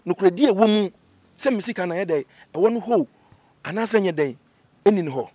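A Ghanaian man, an interview guest, telling a grievance story with energy and acting out what others said in lively voices. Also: sits high, brisk, no echo. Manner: animated, acts out quoted dialogue. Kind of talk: emotional storytelling. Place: outdoor location away from the studio.

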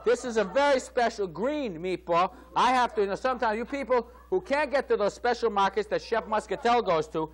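A man's high, expressive voice moves a little fast with hardly any pauses as he plays a boastful, hammy TV cook. Using a fake Italian accent, he chats through the parody segment and laughs at his own humor.

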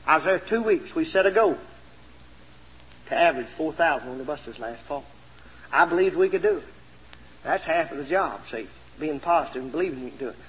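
A man's voice: fairly high pitch, animated, a little fast, pauses often, fairly bright tone, long reverb tail, muffled recording. A man preaching a sermon, telling a story with lots of animation and then urging his listeners on, in a 1970s LP recording made in a church auditorium with a pulpit mic.

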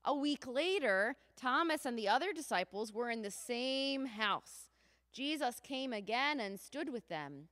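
A woman leads a children's sermon in a church sanctuary, telling the story slowly and drawing the children in with questions. Her voice is fairly high and swoops animatedly, with a long reverb hanging in the room. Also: animated, bright, forceful tone.

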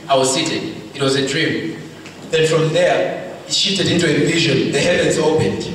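A male preacher giving a fervent sermon, moving from shouted rebukes to hushed storytelling. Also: a little high, a little hiss or hum. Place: large hall. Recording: echoey hall, mic far off, faint ambience.

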